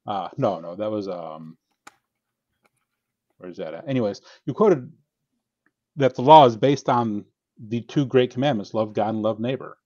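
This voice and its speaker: A man's voice: fairly low pitch, normal speed, pauses often, mellow, dry recording, muffled recording. A man who has written a book, explaining theology in an earnest, teaching way and reading scripture aloud on a podcast. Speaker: podcast guest, author. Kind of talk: casual theological discussion.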